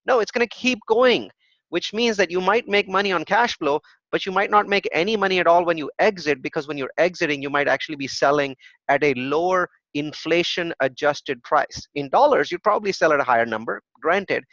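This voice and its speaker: A man leads a real estate workshop with a somewhat high voice. He delivers his points emphatically, throws out rhetorical questions and answers them, and keeps checking in with "right?". The recording is dull and dry, with a muffled lo-fi sound. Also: a little fast, a bit bright, dry recording. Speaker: real estate investing instructor. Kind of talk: live workshop presentation with web demos.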